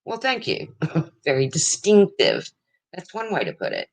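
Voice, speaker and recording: An older woman hosting a casual livestream chat, blunt and rambling, with a low voice that callers mistake for a man's. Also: huge pitch swings, unhurried, dry recording. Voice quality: low, husky-sounding voice, often mistaken for a man's. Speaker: livestream host.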